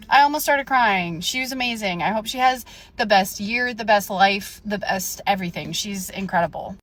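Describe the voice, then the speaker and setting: Young woman, casual storytelling rant, indignant, slightly high voice. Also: normal speed. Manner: animated, indignant, acts out dialogue. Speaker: storyteller vlogger.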